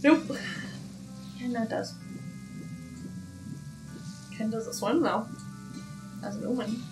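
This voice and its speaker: A woman co-hosting a let's play, trading playful quips. Her voice sits slightly high. Game music plays clearly behind her. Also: reverberant. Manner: playful, quick quips and laughs. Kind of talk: casual let's play commentary.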